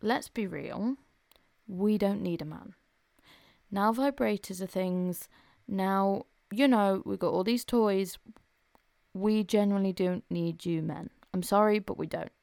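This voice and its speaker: A woman's voice: mid-range voice, measured pace, creaky, a little mellow, no room sound, clean studio sound. A young woman hosting a podcast, chatting frankly and openly with lots of casual fillers. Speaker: podcast host. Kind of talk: casual confessional chat.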